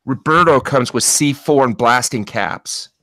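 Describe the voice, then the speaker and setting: A man on a casual online radio panel, talking in halting, exasperated bursts of slang. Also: medium pitch, bright, forceful tone.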